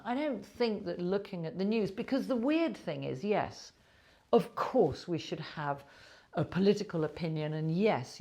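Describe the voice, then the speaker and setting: A woman's voice: deep voice, a little mellow. Frank, emphatic middle-aged woman therapist. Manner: frank and emphatic, candid, sometimes salty. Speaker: trauma therapist. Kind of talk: reflective talk to camera. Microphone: own recording device.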